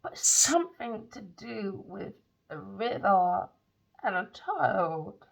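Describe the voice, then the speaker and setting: A woman talks through a tarot reading in a rambling, emphatic monologue full of slang. Her voice has a gravelly fry to it. The recording sounds dull and lo-fi. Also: medium pitch, sing-song, slow. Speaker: tarot reader.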